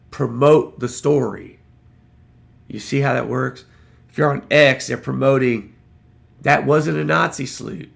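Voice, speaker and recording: A man's voice: medium pitch, creaky. A man ranting to his viewers in a casual, angry, profane and folksy way. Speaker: political vlogger. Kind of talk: casual rant to camera.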